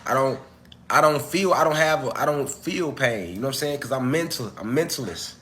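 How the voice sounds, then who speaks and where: A man's voice: mid-range voice, lively intonation, normal speed, fairly bright tone, a little hiss or hum. Loose-talking man livestreaming, slangy and direct. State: coughing, recovering from illness. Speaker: livestream host. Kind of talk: casual livestream chat. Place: at home.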